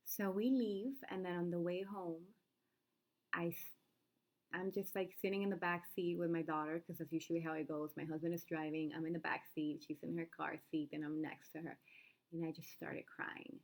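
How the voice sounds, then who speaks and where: Young woman host, low-ish voice, unscripted and candid, loose rambling delivery. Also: fairly even intonation, moderate pace. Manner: candid, rambling with fillers and restarts. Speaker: vlog host. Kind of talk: unscripted personal talk.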